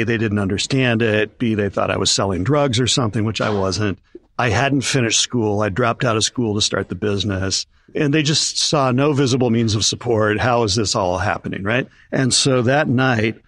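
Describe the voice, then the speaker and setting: A man's voice: on the low side, fairly bright tone, dry recording. An older man, a concert promoter, telling stories in an interview and acting out the voices of people he quotes. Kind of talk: storytelling in an interview.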